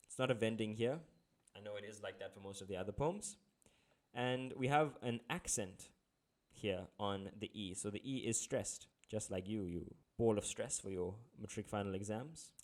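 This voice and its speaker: A man's voice: mid-range voice, darkish tone. A man, tutoring in a casual, playful way with jokey asides. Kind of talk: casual exam-prep lesson.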